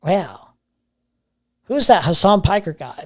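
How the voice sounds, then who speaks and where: Sarcastic live-stream commentator, mid pitch. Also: animated, moderate pace. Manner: sarcastic, mocking asides, repeats phrases. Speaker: streamer reacting to a video.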